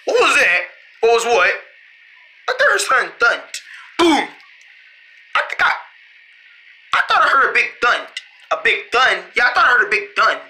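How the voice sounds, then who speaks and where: Brief: lively storyteller voicing a cast, bright, laughs and shouts often. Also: mid-range voice, low-quality recording. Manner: giggly and shouty, quick back-and-forth between voices. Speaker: storyteller voicing several characters. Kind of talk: playful toy-style role-play.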